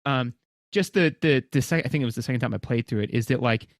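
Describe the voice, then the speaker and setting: A man in his thirties co-hosting a casual podcast, talking in an animated way and acting out his own reactions. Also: mid-range voice, fast, no room sound, clean studio sound. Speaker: podcast co-host. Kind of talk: casual chat.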